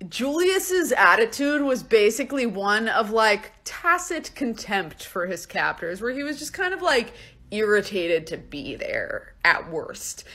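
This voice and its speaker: A woman's voice: mid-range voice, unhurried. A woman telling history stories in a casual, comedic way, chatty and full of filler words. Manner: chatty, constant filler words, animated voices. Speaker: history content creator.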